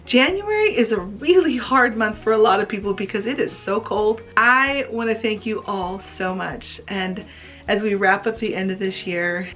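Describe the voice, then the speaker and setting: A woman's voice: medium pitch, moderate pace, a bit bright. A woman crafting vlogger talking to her viewers in a heartfelt personal update, earnest and emotional. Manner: earnest, emotional, tearful at times. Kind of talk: heartfelt personal vlog talk.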